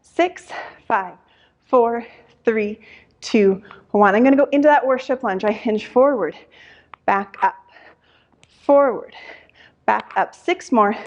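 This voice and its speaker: A young adult woman leads a Pilates class as she works through it herself, her voice sitting a little high. She is out of breath and counts the reps aloud, with breathy sighs between the counts. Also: slow, long pauses, muffled recording. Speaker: pilates instructor. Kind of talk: workout instruction while exercising.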